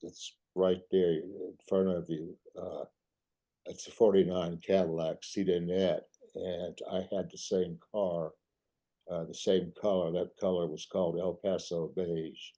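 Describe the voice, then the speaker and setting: An older man giving a talk, reminiscing in a halting way full of restarts. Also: sits low, little pitch movement, warm tone. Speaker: artist giving a club talk.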